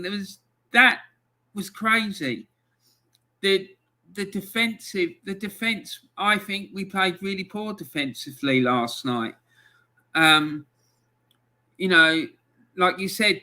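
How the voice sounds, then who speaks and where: A man's voice: high voice, pushed and bright. A man hosting a live football fan stream, ranting in angry exasperation about his team's loss. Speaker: fan channel host.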